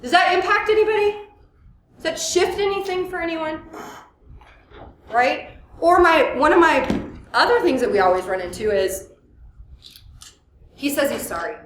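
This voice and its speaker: A therapist giving a workshop lecture, lively and full of questions for the audience. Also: female voice, very high voice, normal speed, slight background noise. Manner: lively, asks the audience questions, acts out quotes. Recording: echoey room, mic at a distance.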